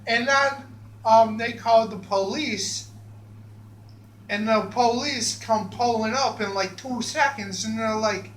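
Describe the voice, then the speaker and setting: A man's voice: high-pitched, slow pace, fairly bright tone. A man telling a rambling personal story, profane and stammering, with many restarts. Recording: echoey room with faint hum.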